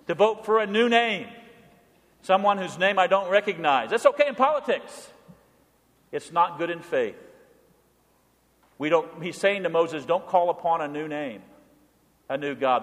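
A male pastor delivers a sermon with a high voice, leaning hard on quoted lines and then falling to a quiet murmur. His words ring out with a long reverb through the church. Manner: emphatic preaching with slow, stressed quotations and sudden drops to a low murmur.

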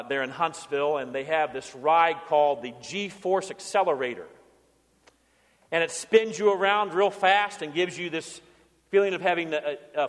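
A man, a pastor, preaching a lively sermon with told stories and acted-out quotes. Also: on the high side, big-room sound. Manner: animated storytelling preacher, acting out quotes.

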